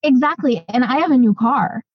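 A woman co-hosting a podcast, chatting casually and excitedly with lots of fillers. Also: high-pitched, normal speed, breathy edge, no echo, dull audio. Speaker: podcast co-host. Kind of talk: casual chat.

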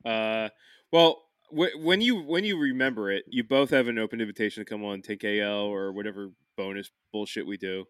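A man's voice: fairly low pitch, a little fast, a bit bright, smooth, no echo. A man hosting a podcast in casual chat, rambling and swearing freely. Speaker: podcast host.

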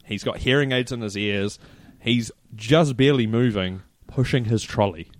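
Kiwi guy cohosting a podcast, lively storyteller, mid pitch, dry close sound. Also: normal speed, no room sound. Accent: New Zealand. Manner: animated storyteller, quoting people in raised voices. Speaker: podcast co-host. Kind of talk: casual chat, storytelling.

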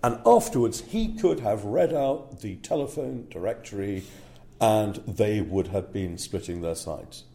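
Low-voiced man, chatty. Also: animated, a little slow, gravelly, warm tone. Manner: checks in with frequent "yeah?", many fillers. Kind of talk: casual interview talk.

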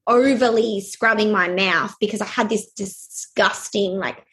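A young adult woman telling a personal story in a halting way, with many fillers and restarts. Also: medium pitch, a bit bright.

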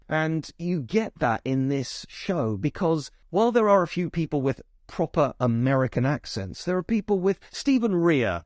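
A man's voice: medium pitch, a little mellow, no echo, clean studio sound. A man from England giving a casual spoken film review, chatty and full of asides and restarts.

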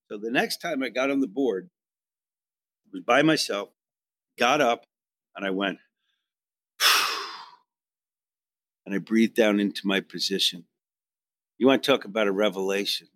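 A middle-aged man telling a story in casual chat, animated and self-mocking, acting out what others said. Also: mid-range voice, no room sound. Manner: animated, swearing, self-mocking, acts out quotes. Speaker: podcast guest telling a story.

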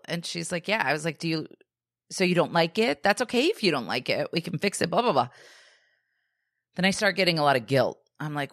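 A low-pitched woman co-hosting a podcast tells a story in an easy, chatty way and slips into the voices of the people she quotes, dropping "like" and "dude" all the time. The sound is close and completely dry, with no room echo. She sounds like she's in her thirties. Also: brisk, long pauses. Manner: animated, acts out quoted voices, says "like" and "dude" a lot. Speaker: podcast co-host. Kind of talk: casual storytelling chat.

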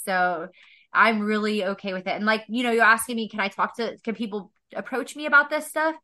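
A woman guest on a podcast interview telling heartfelt personal stories, animated and laughing often as she talks. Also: medium pitch, fairly quick.

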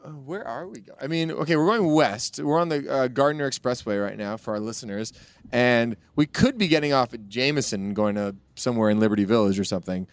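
A man's voice: medium pitch, fairly quick. A young man hosting a podcast, chatting playfully and thinking aloud from inside a moving car. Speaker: podcast host, birthday guest of honor. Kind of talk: casual chat.

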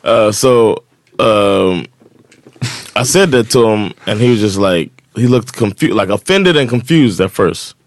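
A man's voice: on the low side, a little slow, no echo. A man co-hosting a podcast, telling a long personal story in casual chat and acting out what others said. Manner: animated storytelling, acts out quoted dialogue. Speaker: podcast co-host.

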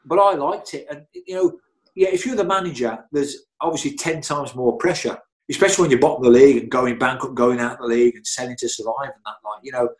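A man's voice: mid-range voice, animated, fast. A middle-aged man, a guest telling rambling, chatty anecdotes full of restarts and "you know"s. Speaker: interview guest. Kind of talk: anecdotal storytelling.

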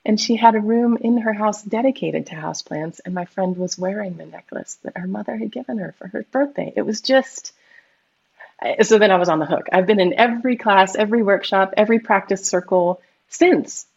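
A middle-aged woman tells a personal story with animated, expressive delivery. Her voice has a gravelly, fry-tinged edge. The audio sounds slightly dull and lo-fi. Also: medium pitch, fairly quick. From United States. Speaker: guest medium and Reiki practitioner. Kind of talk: casual storytelling conversation.

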